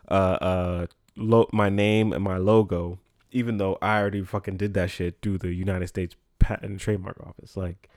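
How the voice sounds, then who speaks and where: A man hosting a podcast, telling stories in a profane, animated way, with congested sinuses. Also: fairly low pitch, dry recording, clean studio sound. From the Bronx, New York. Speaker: podcast host. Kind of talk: casual storytelling monologue.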